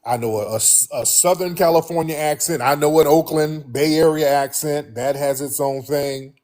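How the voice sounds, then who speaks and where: A man hosting a show, talking straight to his listeners in a blunt, animated way and often repeating himself. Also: on the high side, moderate pace. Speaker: host. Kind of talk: casual monologue to listeners.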